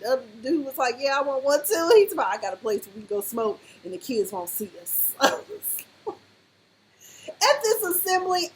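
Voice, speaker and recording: A woman with a slightly higher voice gives a casual, chatty review of a TV drama. She throws herself into quoting the characters, shifting her delivery as she plays each one. A faint background hum sits under her voice. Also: low-quality recording. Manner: animated, acts out characters' lines in quotes. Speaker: TV recap vlogger.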